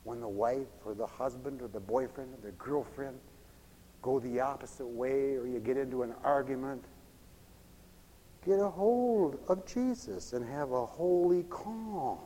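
A man preaching a lively sermon, animated and folksy, swinging between loud exclamations and hushed asides, with laughs between lines. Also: mid-range voice, unhurried. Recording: long hall reverb.

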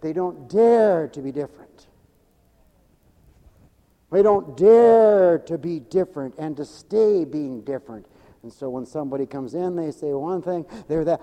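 A man preaching a sermon with dramatic swings from loud exclamations to hushed asides. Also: sits high, animated, moderate pace. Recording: long echoing reverb of a large hall.

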